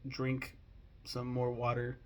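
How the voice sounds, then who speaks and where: A man's voice: medium pitch, monotone, slow pace, darkish tone, slight background noise. A man in his twenties, a movie vlogger talking casually at home, candid and emotional and swearing freely. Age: 20s. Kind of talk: casual rambling film talk.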